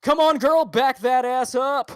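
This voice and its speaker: A podcast speaker putting on the voice of an over-the-top male newscaster doing dirty talk, with a booming announcer delivery. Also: a little slow, fairly bright tone. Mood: lewd, bombastic. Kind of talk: comic impression in podcast chat.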